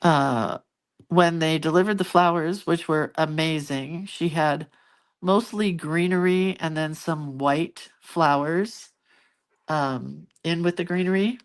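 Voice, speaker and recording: Middle-aged woman host, casual rambling chat, slightly low voice. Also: slow. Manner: rambling, chatty, with many fillers and restarts. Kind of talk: casual chat to live viewers.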